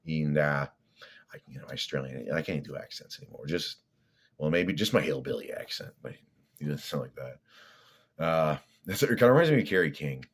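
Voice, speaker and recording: A man's voice: extremely low pitch, animated, brisk, husky. A man vlogging in a rambling, profane, blunt way, drifting from topic to topic. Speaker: fitness vlogger. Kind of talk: rambling casual monologue.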